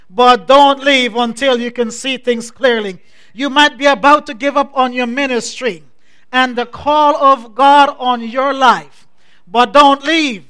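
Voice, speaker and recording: Pastor guy preaching slow, high bright voice, repeats his big line over and over. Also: clean tone. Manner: repetitive, rising preaching cadence; measured, soft-spoken scripture introduction. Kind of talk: sermon.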